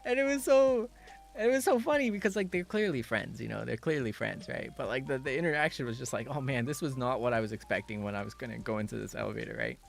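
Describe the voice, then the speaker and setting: A man talks fast with a creaky voice and hardly any pauses, while faint music plays behind him. Chatting casually on stream, he tells an animated story, bursts into high laughter, and acts out quotes.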